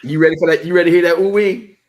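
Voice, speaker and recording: Animated preacher, livestream sermon. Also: male voice, fairly high pitch, racing. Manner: animated, repeats words, playful asides. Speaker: pastor leading online Sabbath study. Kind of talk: lively sermon and livestream chat.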